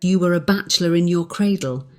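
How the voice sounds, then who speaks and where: A man narrator puts on a blunt middle-aged woman servant for a storybook reading, her voice pitched well up. She snaps out brusque, scolding retorts with no patience for sentiment. Soft music plays behind. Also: a little fast, lightly acted. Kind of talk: audiobook character voice.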